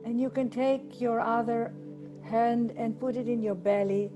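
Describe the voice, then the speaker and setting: A woman leading a guided meditation and prayer over a video call, speaking in a slow, soothing way. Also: on the high side, fairly even intonation, music in the background. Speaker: workshop leader.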